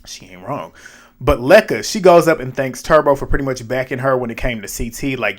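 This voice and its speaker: A man's voice: mid-range voice, a little fast. A man giving a casual, slangy recap of a reality show, retelling scenes in an amused way.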